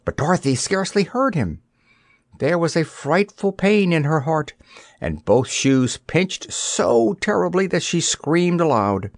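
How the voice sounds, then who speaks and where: Male audiobook narrator, lively pitch, dry close sound. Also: measured pace, no echo. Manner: expressive storybook reading. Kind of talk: scripted narration.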